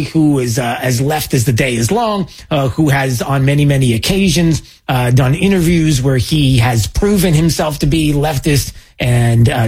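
A man's voice: on the high side, a little mellow, husky. A man hosting a political commentary show, sarcastic and mocking, with many filler words.

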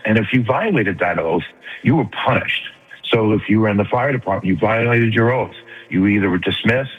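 An older man with a New York accent, calling in to a radio talk show, talking fast and earnestly. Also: fairly low pitch, slightly rough, long reverb tail, narrow, tinny audio. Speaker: caller.

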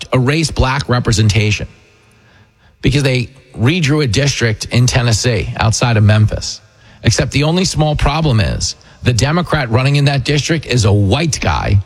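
A man's voice: mid-range voice, breathy edge. Sarcastic male talk radio host. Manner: combative, sarcastic, mocking impressions. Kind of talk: opinionated political talk radio monologue.

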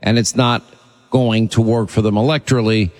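A man hosting a talk radio show, greeting callers and moving them along in a brisk, chatty way. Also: fairly low pitch, steady tone, a little mellow, big-room sound. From Long Island, New York.

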